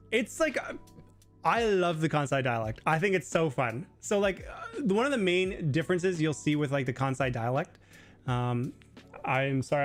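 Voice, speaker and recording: A man's voice: mid-range voice, fairly bright tone. A man hosting a casual live Q&A stream, explaining Japanese in a chatty way full of filler words. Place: living in Japan.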